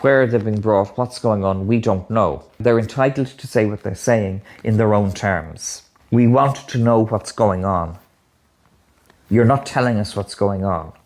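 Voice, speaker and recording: A man's voice: lowish voice, measured pace, darkish tone. A man in a documentary interview, insistent and questioning. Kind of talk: conversation.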